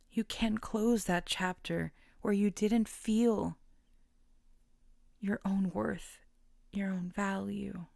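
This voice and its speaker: Slow, gravelly-voiced woman tarot reader. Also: medium pitch, no room sound, clean studio sound. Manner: gentle and halting, many fillers, drops into soft whispers. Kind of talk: casual collective tarot reading.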